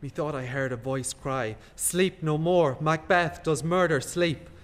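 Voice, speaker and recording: An actor playing a guilt-haunted nobleman in classical stage style, hushed and brooding. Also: medium pitch, measured pace, natural voice. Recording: long hall reverb.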